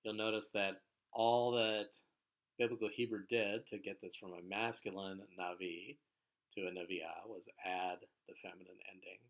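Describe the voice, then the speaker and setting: A man teaching biblical Hebrew vocabulary in a recorded lecture, patient and explanatory, with frequent filler sounds and phrases that trail off quietly. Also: deep voice, steady tone, normal speed.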